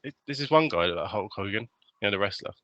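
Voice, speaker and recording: A man's voice: fairly low pitch, fast, no room sound, highs cut off. A young British man co-hosting a podcast, chatting casually and telling stories with little impressions of people. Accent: British English. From Britain. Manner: animated storytelling, mimics others. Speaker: podcast co-host. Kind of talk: casual chat.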